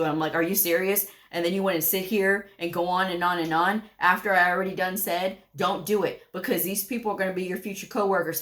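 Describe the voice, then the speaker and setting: A woman's voice: fairly low pitch, a bit bright. A woman hosting a career advice channel, speaking bluntly and folksy to viewers in a scolding, direct-to-camera way. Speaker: medical coding channel host.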